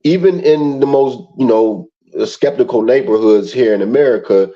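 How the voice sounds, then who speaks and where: A man speaking as a panelist over a remote video call, explaining in a measured way. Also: mid-range voice. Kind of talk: live-stream panel talk. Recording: dull lo-fi call audio.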